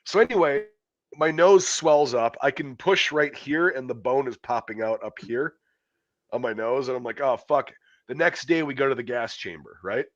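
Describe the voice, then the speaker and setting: A man's voice: mid-range voice, moderate pace, no room sound. Profane man telling a rambling story. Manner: profane, rambling anecdote with lots of fillers. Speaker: podcast host. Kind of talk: casual storytelling chat. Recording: dull, muffled dry audio.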